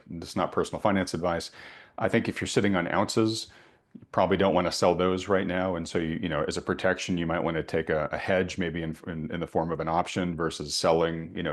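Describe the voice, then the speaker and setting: A male host leading a panel discussion on investing, talking with frequent restarts and filler words. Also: sits low. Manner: halting, many restarts.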